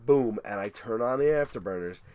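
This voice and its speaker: Brief: middle-aged man, casual podcast storyteller, swears freely, middle-pitched, animated. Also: fairly quick, clean tone. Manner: animated, profane storytelling with acted-out quotes.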